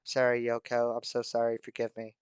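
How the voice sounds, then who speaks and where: A man's voice: mid-range voice, completely flat delivery, a little fast, clean tone, no echo, close to an everyday voice. A man voicing a heartbroken middle-aged father in a game, speaking in a choked, pleading way. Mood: tearful. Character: grieving middle-aged father, broken teacher.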